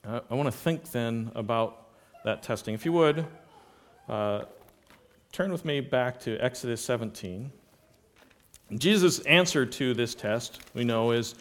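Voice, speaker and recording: A man's voice: mid-range voice, unhurried, a bit bright. A man preaching a sermon, reading scripture passages aloud and explaining them, rising in volume for emphasis.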